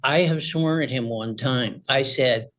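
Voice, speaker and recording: A man's voice: mid-range voice, measured pace, fairly bright tone, muffled recording, slight background noise. A man speaking as a litigant in a courtroom, telling his side of the story in a rambling, agitated way full of restarts. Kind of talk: testimony in a courtroom.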